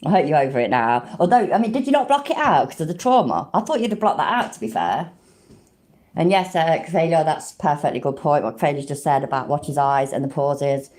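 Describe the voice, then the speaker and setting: Lady with a low voice, sarcastic running commentary, swears a lot. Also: sing-song, a little fast, a little mellow. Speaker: streamer reacting to clips. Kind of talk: casual commentary.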